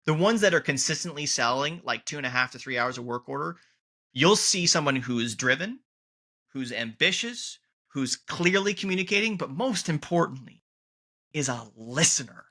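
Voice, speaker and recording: A man's voice: fairly high pitch, animated, normal speed, sharp tone. A man hosting a podcast interview, talking in an emphatic way and repeating key points for stress. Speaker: podcast host. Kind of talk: conversational interview.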